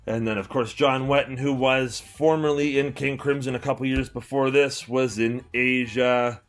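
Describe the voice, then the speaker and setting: A man's voice: mid-range voice, steady tone, normal speed. A young Canadian man in his twenties, a record store owner chatting casually and enthusiastically about a favorite album, rambling with lots of fillers and restarts. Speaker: record collector and store owner, channel host. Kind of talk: casual album-review chat to camera.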